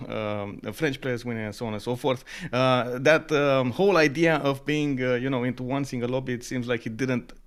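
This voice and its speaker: Man casting a strategy game, halting. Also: medium pitch. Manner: halting, filler-heavy talk, many uh and um; quick to laugh. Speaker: esports co-caster. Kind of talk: live game commentary.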